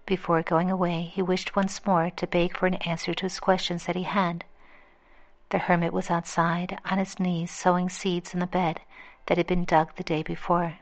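A woman's voice: on the low side, flat delivery, moderate pace. A woman steadily reading a fable aloud as its storyteller.

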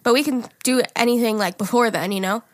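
A woman's voice: fairly high pitch, quick pace, no room sound, studio quality. A woman co-hosting a casual podcast, chatting loosely with profanity and laughing often, and reading out listener emails. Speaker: podcast co-host.

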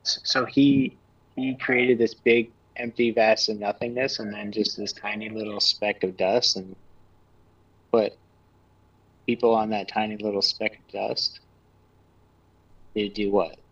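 A man with a husky, low voice muses aloud with slow questions during a podcast chat. He sits back from the microphone, and the sound is dull and muffled. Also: steady tone, fairly bright tone, recorded from a distance. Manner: musing, questioning. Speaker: podcast talker. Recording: dull, off-mic podcast audio.

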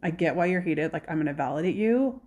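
Woman host, lowish voice, casual chat, animated, acts out quotes. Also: fast talker. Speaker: podcast host.

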